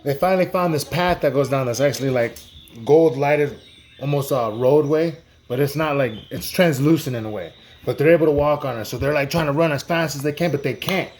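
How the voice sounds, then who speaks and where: A man's voice: fairly high pitch, brisk, a little mellow. Rambling, slangy male storyteller. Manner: slangy and rambling, lots of "like" and "dude". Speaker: storyteller host. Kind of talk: improvised casual storytelling.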